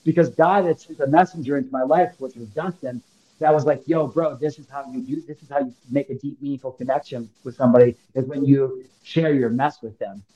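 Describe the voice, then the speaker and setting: Casual storytelling man, dark and muffled. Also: mid-range voice, steady tone, a little fast. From Illinois, United States. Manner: casual slangy, emphatic, acts out quoted lines. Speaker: podcast guest. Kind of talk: personal storytelling.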